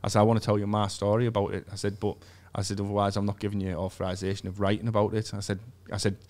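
A man's voice: lowish voice, completely flat delivery, very fast, darkish tone. A young man, a comedian, telling a sweary story in a casual chat, with frequent restarts. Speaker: comedian guest. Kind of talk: casual anecdote.

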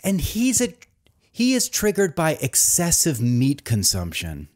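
A man's voice: fairly high pitch, huge pitch swings, unhurried, darkish tone. A man hosting a satirical comedy review show, talking in a mock-earnest, rambling way. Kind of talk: deadpan satirical monologue.

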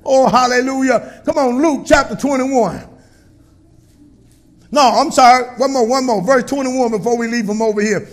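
A male pastor preaching a sermon in a call-and-response style, swinging between quiet asides and shouted lines. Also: very high-pitched, moderate pace.

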